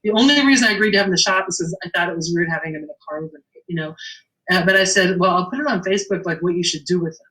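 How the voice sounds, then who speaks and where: In an easygoing interview, a middle-aged shop owner shares a story from her shop, speaking very fast in a bright, forward voice. She animates every line of dialogue with lively pitch jumps and laughs easily throughout. The recording is low quality.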